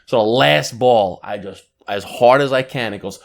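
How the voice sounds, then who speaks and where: A man's voice: mid-range voice, moderate pace, vocal fry. Guy, podcast co-host, casual storyteller who acts out the voices in his stories. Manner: animated storytelling, acts out quotes. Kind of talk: casual chat.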